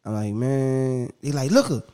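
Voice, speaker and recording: A man, a podcast guest telling stories in animated casual talk, acting out voices and laughing often. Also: on the high side, a little fast. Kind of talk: casual storytelling.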